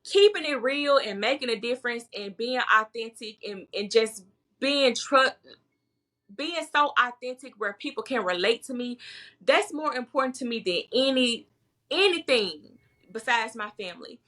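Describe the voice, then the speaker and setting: A woman's voice: a little high, moderate pace, sharp tone. A woman speaking as a herbalist guest in a casual podcast chat, bold and emphatic, often repeating words to drive a point home.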